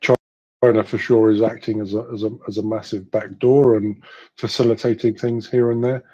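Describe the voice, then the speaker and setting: A man's voice: fairly low pitch, flat delivery, moderate pace, dark tone. A man giving his analysis on a live audio panel, thoughtful and hedging his views. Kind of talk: casual analytical discussion. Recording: muffled online audio stream.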